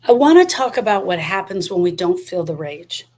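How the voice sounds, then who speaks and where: A woman's voice: fairly low pitch, sing-song, normal speed, darkish tone. A woman giving a motivational talk on grief, emphatic and full of repeated rhetorical questions. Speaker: grief educator.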